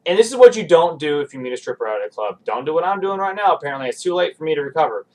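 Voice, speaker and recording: A man telling a rambling, self-deprecating story as a podcast guest, with quick restarts. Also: a little high, lively intonation, distant mic, rough recording. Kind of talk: casual storytelling.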